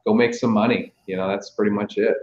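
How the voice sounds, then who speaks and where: A man's voice: lowish voice, fairly even intonation, fast talker, a little mellow, roomy sound, muffled recording. A man appearing as a guest on a casual live-stream chat, easygoing and hesitant, often restarting his sentences.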